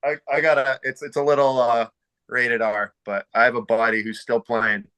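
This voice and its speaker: A man's voice: medium pitch, normal speed, clear, resonant tone. A young man on a podcast, telling rink stories in a casual, swearing, bantering way. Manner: storytelling, swearing, lively and bantering. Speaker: podcast host. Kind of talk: casual chat.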